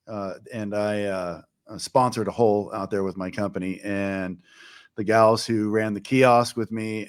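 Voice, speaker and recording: A man, the show's host, talking casually and emphatically, with some rambling. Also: lowish voice. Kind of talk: casual chat.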